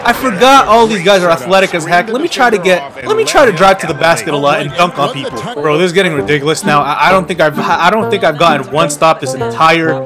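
A man giving casual, excitable commentary over a basketball video game, ranting whenever the play goes wrong. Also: fairly high pitch, fast, few pauses. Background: game music and sound.

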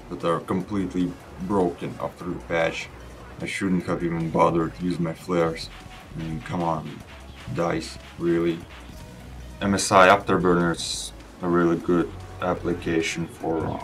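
A young man whose first language is Russian, giving a relaxed, rambling voice-over review of his gaming PC over gameplay, with casual restarts. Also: sits low. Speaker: PC gaming channel host.

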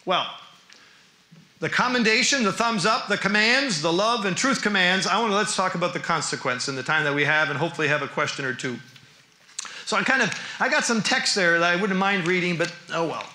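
A man who teaches the New Testament as a professor, giving an animated church lecture full of rhetorical questions. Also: high-pitched, brisk. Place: church hall. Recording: roomy church hall.

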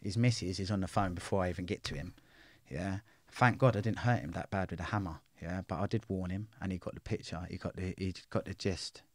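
A man's voice: low-pitched, a little fast, few pauses, dry recording. A middle-aged man, telling his life story bluntly in an interview, full of swearing and street slang. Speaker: interview guest.

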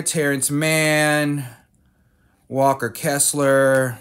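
On his card-collecting channel, a man provides casual commentary as he opens packs, announcing every card name with jokey self-deprecation, fillers, and restarts. He speaks a little slowly in a mid-range, somewhat bright voice.

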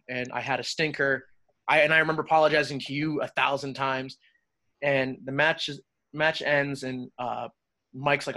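A man, a wrestler guest on a podcast, telling stories casually with animated, profane energy. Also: mid-range voice, normal speed. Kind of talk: casual interview storytelling.

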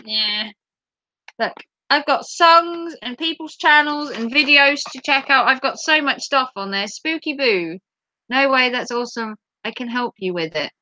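Woman, livestream host, playful and giggly, bright sharp tone. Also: high-pitched, animated, a little slow, dry recording. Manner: giggly, playful, reacts aloud to chat. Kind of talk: casual live chat reading viewer comments.

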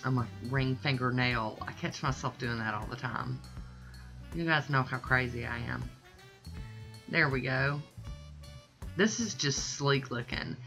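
A woman with a very deep speaking voice and a bright, forward tone walks through a nail art tutorial in casual chat. She gushes freely and pokes fun at herself, with light music underneath. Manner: chatty, gushing, self-deprecating.

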